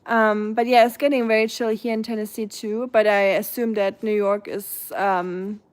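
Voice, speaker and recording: A woman's voice: medium pitch, little pitch movement, moderate pace. Chatty woman with a German accent. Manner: chatty, rambling, many fillers and restarts. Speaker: live streamer reading chat. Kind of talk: casual live-stream chat.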